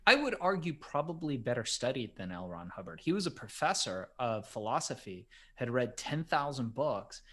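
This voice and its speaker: A man's voice: medium pitch, normal speed, hardly any pauses. Podcast guy telling a story, voice swings all over the place, lots of you-knows. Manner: animated, vivid storyteller with lots of fillers. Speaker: podcast co-host. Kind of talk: casual storytelling chat.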